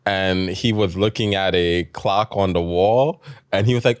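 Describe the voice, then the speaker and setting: A man co-hosting a podcast in casual chat, relaxed and backing his partner with affirmations. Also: deep voice, measured pace, smooth, no echo, studio quality. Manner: relaxed, supportive, lots of mm-hmms. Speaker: podcast co-host.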